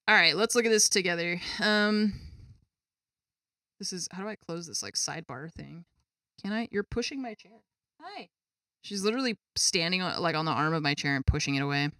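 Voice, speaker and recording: Bright chatty woman streamer. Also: lowish voice, smooth, no room sound, studio quality. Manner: chatty, exasperated, swears casually. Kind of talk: casual chat to viewers. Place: home gaming setup with a cat.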